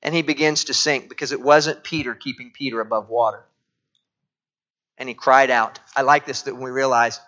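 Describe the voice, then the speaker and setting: A middle-aged man preaching a sermon, dropping to quiet tones and rising again as he acts out voices from the text. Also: medium pitch, moderate pace. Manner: dramatic shifts from quiet to loud, acting out quoted voices. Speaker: pastor. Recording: dull lo-fi sound.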